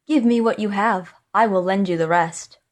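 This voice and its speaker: A woman doing a calm young scholar. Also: medium pitch, moderate pace, close to an everyday voice. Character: clever young male scholar, calm and sure. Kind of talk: storybook reading.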